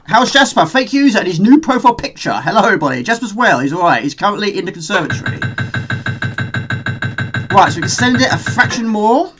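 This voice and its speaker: A chatty middle-aged man streaming a game and talking with his viewers as he plays. His voice sits high for a man and swings up and down a lot. Game music plays clearly behind him. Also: sing-song, fast. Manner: chatty, reads out viewer chat while gaming. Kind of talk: casual live-stream chat.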